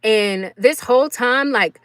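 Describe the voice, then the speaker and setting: A young woman, chatting casually to her viewers and telling an animated story with quick laughs. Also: a little high, no echo. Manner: animated, laughs often, acts out quotes. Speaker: vlogger.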